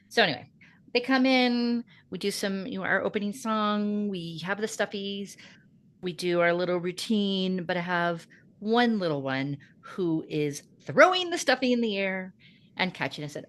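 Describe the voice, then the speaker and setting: A middle-aged woman hosting a chat show, telling an animated story about her teaching day and acting out the people in it. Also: mid-range voice, normal speed. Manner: animated storytelling, acts out voices. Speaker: podcast host. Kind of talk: casual chat.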